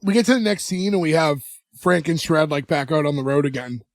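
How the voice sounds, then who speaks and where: A man's voice: a little high, fairly quick, no room sound. A man co-hosting a podcast, casually retelling a TV episode scene by scene and acting out bits of dialogue. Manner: animated storyteller acting out dialogue. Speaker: podcast co-host recapping an episode.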